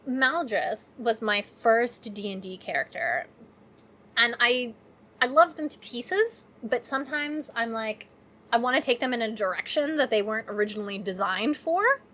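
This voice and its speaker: A woman's voice: on the high side, lively intonation, normal speed, a bit bright. A young woman guesting on a casual podcast, thinking aloud and asking lots of questions. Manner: thoughtful, asks many questions.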